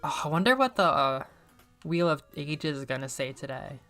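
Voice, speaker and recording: A woman streamer chatting casually and excitably while she plays a video game, often joking at her own expense. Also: sits low, moderate pace, faint music behind. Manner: chatty, excitable, self-deprecating. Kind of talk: casual gameplay commentary.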